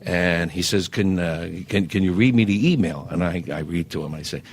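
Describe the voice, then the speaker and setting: Older man rambling with deep voice. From South Philadelphia, USA. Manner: rambling, halting, many fillers, laughs while telling stories. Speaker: guest entertainer. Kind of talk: casual storytelling interview.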